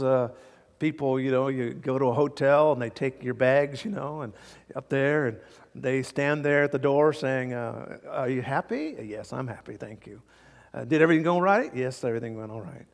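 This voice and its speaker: A man's voice: mid-range voice, big-room sound. A man preaching a sermon verse by verse, acting out the people he quotes and chuckling often. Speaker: pastor. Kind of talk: expository sermon.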